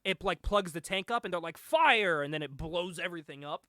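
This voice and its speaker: A man with a high, bright voice hosts a laid-back podcast chat. He retells a movie with lots of energy, jumps into the characters' lines and breaks into laughter. The sound is close and dry, with no room around it. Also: fast, dry recording. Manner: animated storytelling, laughs often, acts out lines. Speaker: podcast host. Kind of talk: casual chat recapping a movie.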